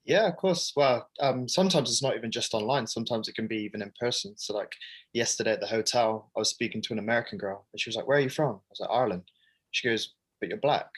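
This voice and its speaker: A man's voice: mid-range voice, quick pace, slightly rough, low-quality recording. A young man from Great Britain, a sprinter talking frankly and casually as an interview guest, with lots of "like" fillers.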